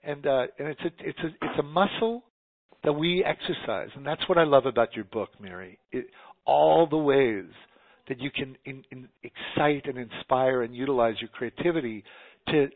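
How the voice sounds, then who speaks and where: A man from New York talks in an earnest, rambling way, often restarting his sentences. He comes through a tinny, phone-like line with no room sound at all. His pitch sits at an ordinary middle level. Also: moderate pace, no echo. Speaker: guest. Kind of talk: casual conversation.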